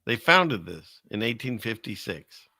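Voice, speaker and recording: A man's voice: on the low side, big pitch swings, measured pace, vocal fry, bright, forceful tone, no echo. A man hosting a show, rambling skeptically through casual commentary while he browses, with many restarts. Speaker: show host.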